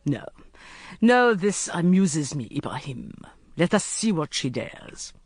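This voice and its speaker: An audiobook narrator voicing a cold, arrogant middle-aged sheikh who speaks curtly and with cool politeness. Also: male voice, fairly high pitch, big pitch swings, takes it slowly, breathy edge, no echo, studio quality, exaggerated voice. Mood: amused menace. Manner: curt and coldly polite.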